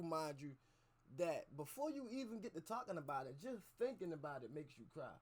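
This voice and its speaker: Male reaction streamer, skeptical street-slang commentary aimed at chat, mid-high voice. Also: big pitch swings, brisk, a little mellow.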